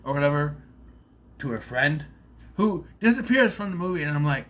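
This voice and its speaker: A man's voice: fairly high pitch, animated, normal speed, fairly bright tone. A man casually recapping a movie plot in a rambling, loose way, swearing freely as he goes.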